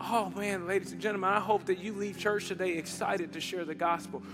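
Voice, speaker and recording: A man preaching a sermon in a church, storytelling with big swings from loud excitement to soft, hushed moments. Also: sits high, a little fast, few pauses, soft background music. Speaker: pastor.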